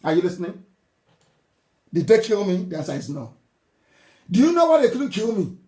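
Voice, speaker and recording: A man's voice: high voice, big pitch swings, moderate pace, warm tone. A man from southeastern Nigeria, giving a fiery political broadcast, scolding and mocking his listeners with scornful laughs. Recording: roomy echo.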